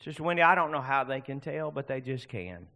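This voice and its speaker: Fervent bright-voiced preacher man. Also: medium pitch, lively intonation, a little fast. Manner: fervent preaching with swings between loud and hushed. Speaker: pastor. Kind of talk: sermon.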